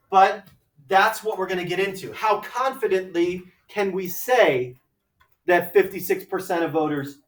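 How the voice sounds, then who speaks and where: A man teaching a high school math class, lecturing conversationally and often checking in with "right?" and "okay?". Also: distant mic. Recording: echoey classroom, mic from afar.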